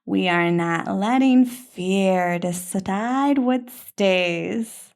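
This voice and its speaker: A woman hosting a film reaction, talking in an earnest, soft-spoken, emotional way with long pauses. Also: medium pitch. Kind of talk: reflective reaction monologue.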